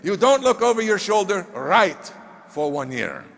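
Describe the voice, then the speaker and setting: A man voicing a short, stern mentor who talks slowly and insistently in broken English, in a reverberant hall. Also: high voice, sing-song, creaky, fairly bright tone, full character voice.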